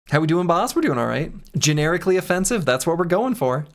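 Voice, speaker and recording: A man's voice: fairly high pitch, big pitch swings, quick pace, hardly any pauses. A man streaming a game, chatting casually in a joking, rambling and self-mocking way. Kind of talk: casual gameplay commentary and chat.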